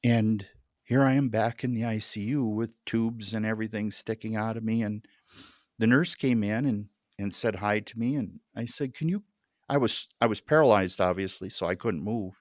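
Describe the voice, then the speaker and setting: Male guest, low register, unhurried earnest storytelling, halting restarts, dry close sound. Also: no room sound. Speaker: podcast guest. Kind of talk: personal storytelling in an interview.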